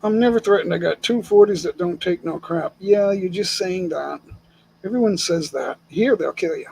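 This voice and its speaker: A man's voice: sits high, normal speed, vocal fry, a little mellow, slight background noise, low-quality recording. An older man from the United States hosting a casual live stream chat from home, speaking bluntly and with opinions, chuckling often.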